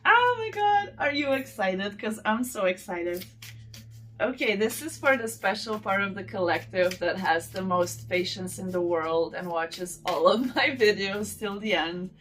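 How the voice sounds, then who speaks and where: Slow-talking gushing woman vlogger. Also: mid-range voice, fairly bright tone. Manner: gushing, addresses viewers directly. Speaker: channel host. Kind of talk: casual unboxing chat to viewers.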